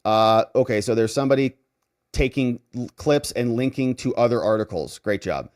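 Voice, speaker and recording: A man's voice: mid-range voice, normal speed. A man hosting legal news commentary as a lawyer, talking in a sarcastic, mocking and emphatic way. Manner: emphatic, animated delivery.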